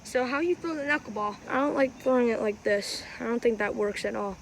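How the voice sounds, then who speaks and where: A woman with a higher-pitched voice talks fairly quickly, recorded in low quality on a phone camera. She's a wiffleball player and channel host doing a casual how-to vlog outside on a windy day. She rambles, chats, and corrects herself as she explains.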